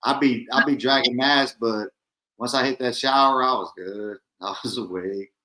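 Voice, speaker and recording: A man in his late forties with a bright, forceful voice. He talks in a laid-back, streetwise way full of profanity, in an easy, casual conversation. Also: mid-range voice, moderate pace, poor audio. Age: 40s. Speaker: podcast co-host. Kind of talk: casual chat.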